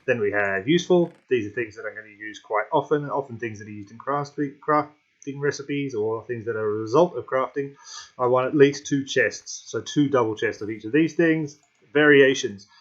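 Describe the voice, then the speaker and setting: A man giving casual gameplay commentary, thinking aloud with many fillers and pauses while hiccuping. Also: medium pitch, muffled recording.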